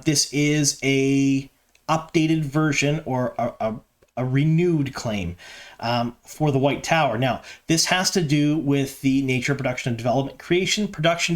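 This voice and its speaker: A man hosting a fan news channel, talking casually and with opinions, with a lot of ums and uhs. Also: a little high. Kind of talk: casual solo commentary to camera.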